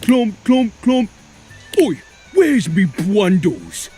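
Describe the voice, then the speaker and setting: A goofy game merchant with a deliberately terrible put-on accent. His delivery is slow and theatrical, with a lively pitch. Soft music plays under him. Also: exaggerated voice. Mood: hammy. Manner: hammy, exaggerated. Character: jovial shopkeeper with put-on rough accent.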